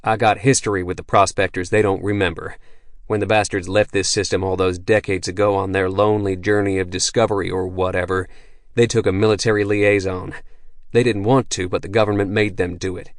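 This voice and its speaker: A man voicing a crude, boisterous veteran soldier who swears constantly and talks loudly with swagger. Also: low voice, little pitch movement, a little fast, no room sound, clean studio sound, close to an everyday voice. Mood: brash. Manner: profane, swaggering, loud.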